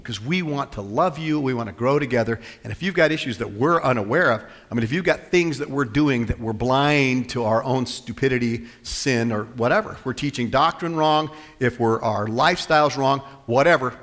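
Animated preacher in a reverberant hall. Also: male voice, medium pitch. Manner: animated, swings from loud to soft, acts out quotes. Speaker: pastor. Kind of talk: sermon. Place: church hall.

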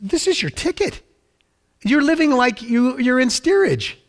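A man's voice: very animated, a little fast, darkish tone, breathy edge, exaggerated voice. A man voicing an incredulous, insistent ship captain in a sermon story, exclaiming urgently. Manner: exclaiming, high and pressing.

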